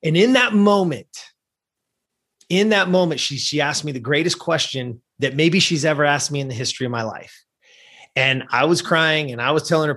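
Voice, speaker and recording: His voice sits a little high and moves a little fast as this middle-aged guest relates a story from his own life. He's animated throughout, acting out what the other people said in their voices.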